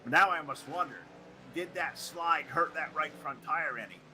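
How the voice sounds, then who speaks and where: Sardonic male race commentator, slightly high. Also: normal speed, pushed and bright, a little hiss or hum. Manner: joking, sardonic banter. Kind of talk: play-by-play sim racing commentary.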